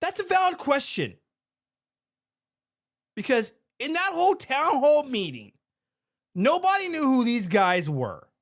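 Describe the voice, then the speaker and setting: A man's voice: very high-pitched, a little slow, long pauses. A middle-aged man who owns a security company, talking through an incident in a casual, conversational podcast manner. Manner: animated, conversational, repeats himself. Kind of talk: commentary podcast.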